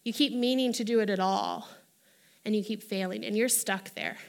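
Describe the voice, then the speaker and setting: A woman preaching a sermon in an animated way, acting out the voices she quotes. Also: mid-range voice, normal speed.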